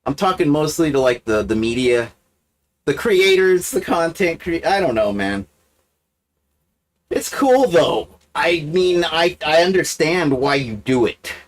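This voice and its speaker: A man's voice: sing-song, unhurried. A man hosting a livestream, talking to camera in a profane, self-mocking, wandering monologue. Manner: wide sudden pitch swings. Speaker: livestream host. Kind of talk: rambling casual monologue.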